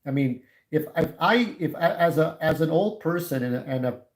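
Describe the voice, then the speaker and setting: A man's voice: on the high side, lively intonation, moderate pace, rough recording. A man in his forties chatting casually on a livestream, candid and opinionated, talking straight to his viewers. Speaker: YouTube livestreamer.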